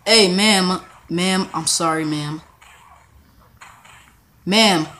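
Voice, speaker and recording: A young man giving casual gameplay commentary, excitable and talking back to the characters on screen. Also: high voice, very slow, slight background noise. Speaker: gaming channel host.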